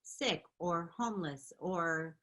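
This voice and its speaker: A middle-aged woman telling stories in a casual interview, animated and quick to laugh. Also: lowish voice. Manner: animated, laughing, chatty storytelling. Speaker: interview guest, makeup artist and beauty founder.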